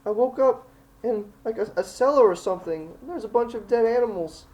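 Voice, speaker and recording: A man's voice: extremely high pitch, brisk, darkish tone, pitched above the performer's own voice, low-quality recording. A man voicing a terrified five-year-old human girl who pleads and sobs in a tabletop game. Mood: frightened, pleading. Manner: sobbing, pleading, breathless rush of words. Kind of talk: tabletop game role-play.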